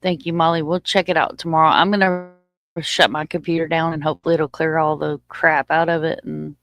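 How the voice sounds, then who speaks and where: A woman's voice: low voice, fairly even intonation, a little fast, fairly bright tone, dry recording. A woman hosting a casual live stream and chatting informally with her viewers, a little short of breath. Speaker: livestream host. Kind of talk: casual livestream chat.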